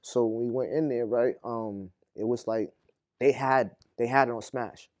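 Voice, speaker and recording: A man's voice: mid-range voice, moderate pace, a little mellow, no echo. A young man from telling his prison story in a podcast interview, heavy on slang and "you feel me.". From Boston, Massachusetts. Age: young adult. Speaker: guest.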